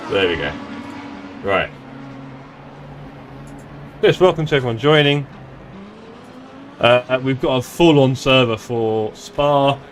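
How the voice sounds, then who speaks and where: A man's voice: mid-range voice, lively intonation, slow, pauses often, slight background noise. A man chatting casually and joking at his own expense while live-streaming a sim race. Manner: chatty, joking, self-deprecating. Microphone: desktop streaming mic.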